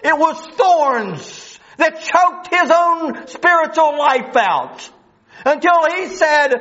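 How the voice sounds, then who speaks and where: A man's voice: extremely high pitch, animated, slow, bright, forceful tone. A man preaching a sermon, emphatic and full of rhetorical questions, on a dull lo-fi recording.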